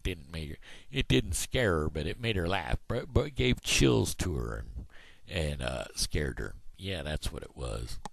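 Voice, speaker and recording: Man, Midwestern American accent, very low gravelly voice, lively swoops in pitch, dry close sound, folksy rambling vlog talk. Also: unhurried, dry recording. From Missouri, USA. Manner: folksy, meandering, with many fillers. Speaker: video blogger.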